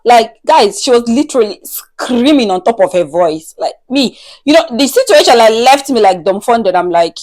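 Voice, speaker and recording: Animated woman telling a story. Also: fairly high pitch, normal speed, few pauses. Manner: animated, chatty, full of "like". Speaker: vlogger. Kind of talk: casual storytime chat.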